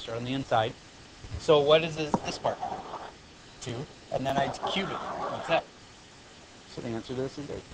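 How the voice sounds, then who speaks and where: A man teaches high school math in a classroom lecture, explaining steps plainly and breaking off into joking asides, with background noise.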